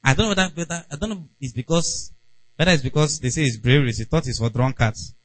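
A man's voice: on the high side, fast talker, no room sound, poor audio. A man preaching a conversational sermon and acting out little everyday scenes. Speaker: pastor.

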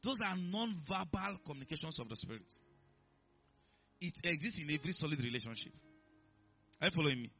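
Male pastor, sermon, intense tense timbre, slightly high voice, muffled lo-fi sound. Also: lively intonation, fairly quick, vocal fry, long pauses, sharp tone, breathy edge, soft background music. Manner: emphatic, repeats himself, checks in with listeners. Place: church.

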